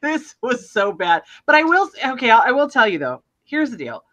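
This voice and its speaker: A woman co-hosting a podcast, retelling a film plot in a rambling, animated way and acting out the lines. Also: a little high, a little fast. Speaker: podcast co-host. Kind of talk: casual film discussion.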